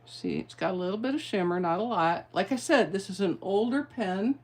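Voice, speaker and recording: A woman's voice: medium pitch, animated, fairly quick, darkish tone. A middle-aged woman giving a card-making tutorial, chatty and playful, with rambling asides. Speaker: craft demonstrator.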